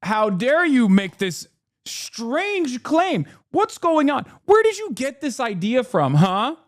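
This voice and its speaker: A man's voice: very high voice, huge pitch swings, slow pace, pitched above the performer's own voice, full character voice. A man voicing a sneering, mock-innocent man who feigns outrage in a taunting, sing-song way.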